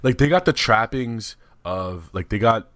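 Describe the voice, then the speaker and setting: A man's voice: fairly low pitch, animated, a little slow, a bit bright, dry recording. A man co-hosting a comedy podcast, talking in a crude, teasing, casual way. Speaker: podcast co-host.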